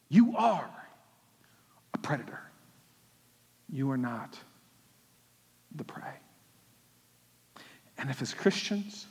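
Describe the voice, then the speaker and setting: A man preaching a sermon as pastor, emphatic and repetitive, with quick jokes, in a church sanctuary. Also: extremely high pitch, fairly bright tone. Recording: long hall reverb.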